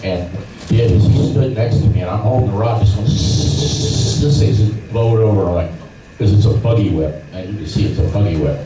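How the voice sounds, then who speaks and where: Over loud music, a middle-aged fishing guide with a lowish voice speaks fairly quickly at a club meeting, telling fishing stories in a seminar setting. He brings them to life by acting out voices and sounds, heard from a distance in an echoey, noisy room.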